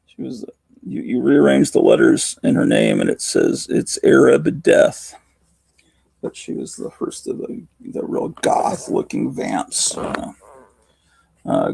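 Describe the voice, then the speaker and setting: Hoarse gravelly man in his fifties. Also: medium pitch, mellow. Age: 50s. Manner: rambling, keeping his voice down. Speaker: livestream host. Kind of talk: casual late-night livestream chat. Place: home at night.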